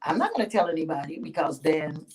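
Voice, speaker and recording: A woman voicing a male warrior god who answers his wife loudly and firmly. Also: sits low, very animated, fast, slightly rough, full character voice. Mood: emphatic. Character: warrior god husband, man.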